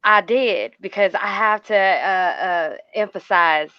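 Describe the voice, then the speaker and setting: A woman with a Southern country twang, co-hosting a casual panel show and telling stories in a loud, boisterous, laughing way. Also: mid-range voice, takes it slowly, clean tone, no room sound, muffled recording. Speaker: co-host.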